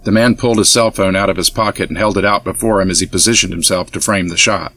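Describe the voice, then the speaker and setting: Low-voiced male audiobook narrator. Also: fairly even intonation, quick pace, sharp tone. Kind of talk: scripted narration.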